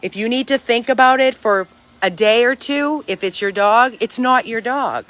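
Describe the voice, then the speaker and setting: A woman's voice: on the high side, normal speed, a bit bright. A woman who runs a dog rescue, talking to her followers outdoors in an earnest, emphatic, chatty way. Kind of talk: casual vlog to followers.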